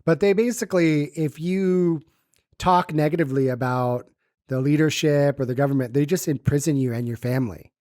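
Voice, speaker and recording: A man's voice: on the high side, moderate pace, warm tone, no echo, studio quality. A man from the United States co-hosting a podcast in casual chat, rambling, swearing freely and acting out quoted voices. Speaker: podcast co-host.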